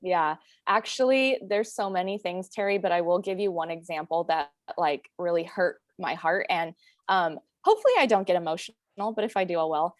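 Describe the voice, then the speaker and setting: A woman's voice: on the low side, expressive, normal speed, no room sound, clean studio sound. A woman in her late twenties, a guest telling her own story in a frank, earnest way, with many "like"s and "you know"s. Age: 20s. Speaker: interview guest. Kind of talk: personal story in a recorded conversation.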